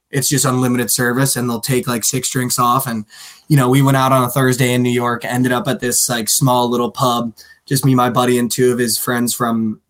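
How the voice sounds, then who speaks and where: A man's voice: medium pitch, a bit bright. A young man in his twenties co-hosting a sports betting podcast, telling stories in a rambling, casual way full of fillers. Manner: rambling storyteller, lots of "like" and "dude". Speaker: podcast co-host.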